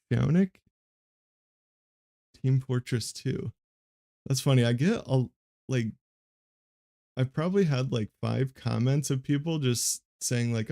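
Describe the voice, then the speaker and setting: Man, young, monotone, rambling commentary, gravelly, mellow. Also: medium pitch, slow, long pauses. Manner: monotone, rambling with many fillers. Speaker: streamer commenting on a card game match. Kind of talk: casual live play-by-play commentary.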